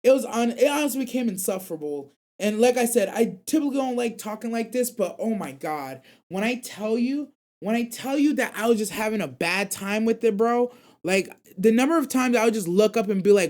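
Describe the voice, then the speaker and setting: A man's voice: high-pitched, animated, brisk, a little mellow. A young man hosting an anime call-in radio show, chatting casually and reading viewer comments in loose, slang-heavy rambles.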